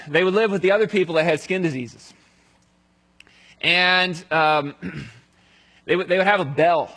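A male pastor giving a conversational sermon, telling the story aloud and dropping to a hush at solemn moments. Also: high voice, poor audio.

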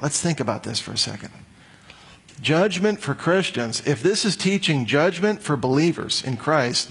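Husky-voiced man preaching a sermon. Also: medium pitch. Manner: animated expository preaching, acts out quoted voices. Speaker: pastor.

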